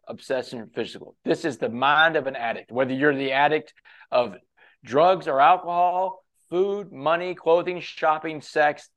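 A man speaking as a guest on a podcast, spinning a long personal story. He talks casually and keeps quoting the people in it, peppering his lines with "man". His voice sits at an ordinary middle pitch. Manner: quotes others at length, casual, says "man" often. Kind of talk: conversational storytelling.

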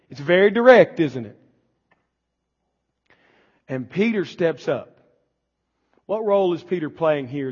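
A man preaching a sermon as pastor, building to shouted emphasis. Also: sits high. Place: church sanctuary. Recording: long church reverb, dull lo-fi sound.

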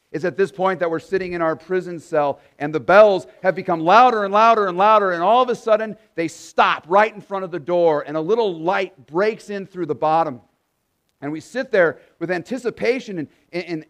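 High-voiced man preaching an earnest sermon. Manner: earnest preaching, rising to emphatic proclamation on quoted scripture. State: tired. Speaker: pastor.

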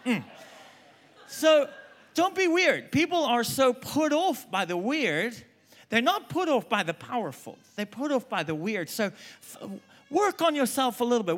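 A middle-aged man from South Africa with a South African accent blended with American, preaching an emphatic sermon that swings between loud calls and quiet asides. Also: sits high. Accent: South African, mixed with American.

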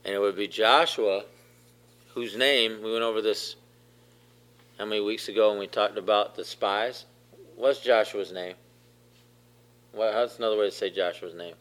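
Male pastor, sermon delivery, low-ish voice, emphatic and repetitive, quizzes listeners. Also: steady tone, normal speed, long pauses, fairly bright tone. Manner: emphatic, repeats phrases, questions the congregation.

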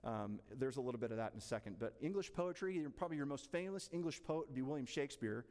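A man teaches a church Bible class casually and chattily, asking the room questions, his mid-range voice lively in intonation and darkish in tone. He talks fast, and the church hall adds long reverb.

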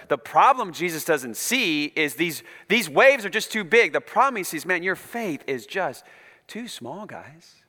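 Male pastor delivering a lively, conversational sermon; high, bright voice, hall reverb. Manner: animated, conversational, emphatic.

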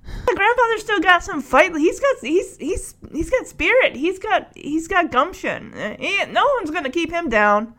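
A woman gives casual reaction commentary on a show she has been watching. Her voice sits high and moves a great deal, with animated swoops. She talks freely and laughs as she retells scenes. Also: moderate pace. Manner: chatty, animated, laughs often. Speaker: show recapper.

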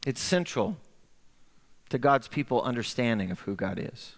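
A middle-aged man preaching a sermon, telling a story in an animated way and acting out the voices he quotes. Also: on the low side, moderate pace, creaky. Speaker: pastor. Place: church sanctuary. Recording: echoey sanctuary with long reverb.

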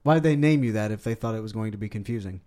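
A man hosting a podcast, with a wry, deadpan, teasing way of talking. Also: fairly low pitch, quick pace. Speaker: podcast host. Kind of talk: casual podcast chat.

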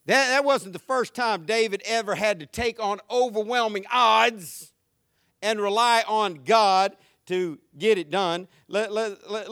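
A man preaching a sermon in an energetic, conversational style that builds up to shouts. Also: high voice, dry recording, studio quality. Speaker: pastor.

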